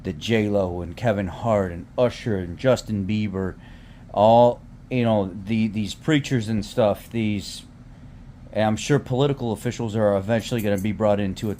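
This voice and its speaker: Heated ranting man, dark low voice. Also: normal speed, slight background noise. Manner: heated, repetitive, swears freely; restarts and repeats words. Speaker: vlogger. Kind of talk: casual rant to camera.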